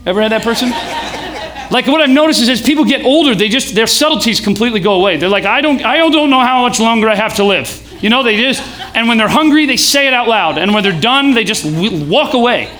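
A young man preaching casually to a live audience, joking and leading call-and-response chants. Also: high-pitched. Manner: casual, joking, building to shouts. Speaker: pastor. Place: event hall with live audience.

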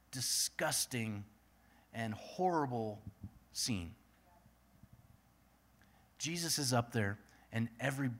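A male pastor preaching and praying in an earnest manner, building his points through repeated lists. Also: a little high. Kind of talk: sermon.

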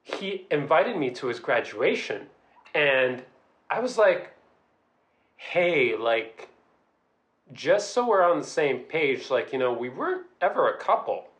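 A young man telling a story in casual chat, animated, laughing and acting out quotes. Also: fairly high pitch, measured pace, reverberant.

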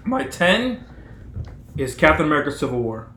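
A man's voice: a little high, very animated, normal speed, bright, forceful tone, roomy sound, slight background noise. A man co-hosting a casual podcast chat, talking at length in a chatty way. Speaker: podcast co-host.

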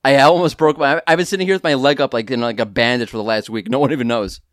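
A man hosting a podcast from home, telling stories in a lively, self-deprecating way with quick asides. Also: mid-range voice, dry recording, studio quality. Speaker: podcast host. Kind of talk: casual podcast chat.

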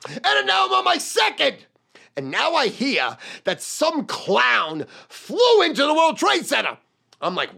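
Man, brash and profane, high gravelly voice, lively swings, bright edge. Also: normal speed. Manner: brash, profane, loud and boastful. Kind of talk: storytelling monologue.

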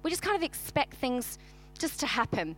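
A middle-aged woman pastor preaching a sermon, mixing chatty, animated personal stories with scripture. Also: high voice, normal speed.

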